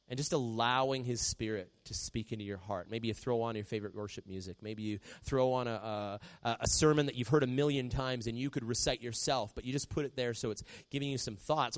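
Conversational preaching man, soft hushed asides. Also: mid-range voice. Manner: conversational preaching, drops to a soft hush when quoting prayers. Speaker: pastor. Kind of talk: sermon.

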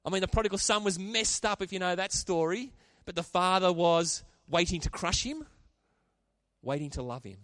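A man preaching a sermon, animated and calling out to the congregation for responses. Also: high-pitched, normal speed, no room sound, studio quality. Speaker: pastor.

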